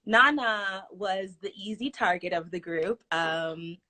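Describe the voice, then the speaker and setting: Bright, chatty young actress. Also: female voice, mid-range voice, slow. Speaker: stage actress, guest. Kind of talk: casual video-call interview. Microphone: video call.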